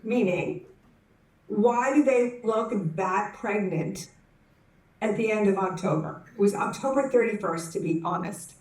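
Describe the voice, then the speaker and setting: A woman telling a personal story to a conference audience, animated and acting out the voices in her story, often restarting her sentences. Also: mid-range voice, unhurried. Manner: frequent self-corrections and restarts. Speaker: conference speaker. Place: conference hall. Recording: roomy hall, speaker distant from the mic.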